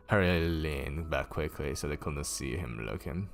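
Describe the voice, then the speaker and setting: A man reading a story aloud on a stream, relaxed and expressive. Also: extremely low pitch, moderate pace, gravelly, few pauses, faint music behind.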